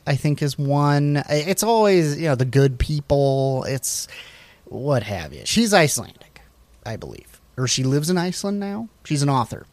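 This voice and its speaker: A man's voice: mid-range voice, dry recording. Rambling, easygoing male podcast host. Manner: relaxed, rambling, many fillers and restarts. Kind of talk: casual chat reading from slides.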